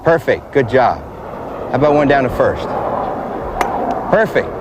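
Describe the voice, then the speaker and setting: A man's voice: mid-range voice, expressive, normal speed. Man coaching kids in bunting outdoors. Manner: plain, repetitive instructions to kids. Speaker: baseball coach. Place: baseball field outdoors. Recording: faint background noise from a 1980s tape.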